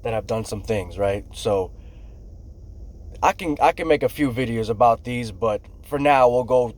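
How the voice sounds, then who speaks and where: Profane, animated man telling work stories. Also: medium pitch, moderate pace. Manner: profane, animated storyteller, acts out shouts and quotes. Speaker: construction worker telling stories. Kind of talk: casual storytelling monologue.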